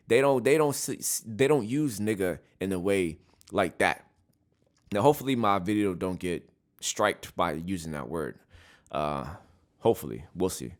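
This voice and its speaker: A man's voice: low-pitched, normal speed. A man hosting a casual solo podcast, talking through his opinions and often checking in with "right?". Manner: opinionated, repeats "right?" often, frequent restarts. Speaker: podcast host.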